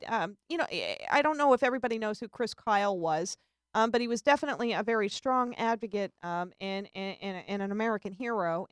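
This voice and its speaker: A woman with a fairly high voice hosts a casual live-streamed talk show, chatting loosely and giggling often as she restarts her sentences. The sound is dry and close, with no room echo. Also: smooth. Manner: chatty and giggly, tells jokes, frequent restarts. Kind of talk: casual chat.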